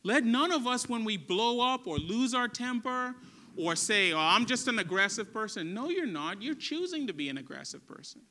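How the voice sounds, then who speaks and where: Brief: male pastor, high and sharp-toned, earnest conversational sermon. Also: big pitch swings, moderate pace. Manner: earnest, emphatic, conversational preaching.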